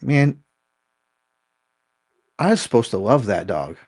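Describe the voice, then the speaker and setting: A man's voice: mid-range voice, very animated, slow, darkish tone, husky, no room sound, studio quality. A middle-aged man, a dog trainer and guest, telling a story in a candid, self-critical way and swearing casually.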